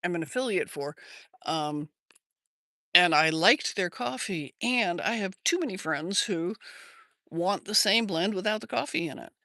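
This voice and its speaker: Older American woman, bright crisp voice, rambling livestream host chatting outdoors, dry close phone sound. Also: low-pitched, no room sound. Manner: rambling and chatty, answers viewer comments. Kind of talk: casual livestream chat. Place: outdoors in her yard.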